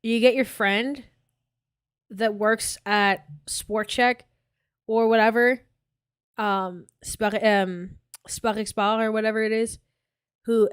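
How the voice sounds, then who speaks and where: A woman hosting a casual reaction commentary, chatty and quick to laugh at herself. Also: mid-range voice, smooth. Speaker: commentary channel host.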